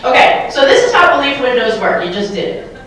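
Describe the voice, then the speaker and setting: Her voice sits on the high side, a bit bright and sing-song, and she speaks fairly quickly while delivering a playful, question-filled motivational keynote to a live audience in a large hall. She holds a handheld mic, and the audio, taken from far off, is very echoey.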